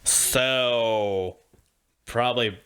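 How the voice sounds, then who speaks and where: A man's voice: mid-range voice, very slow, a bit bright. A young man co-hosting a casual podcast, joking, rambling and swearing freely. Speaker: podcast co-host.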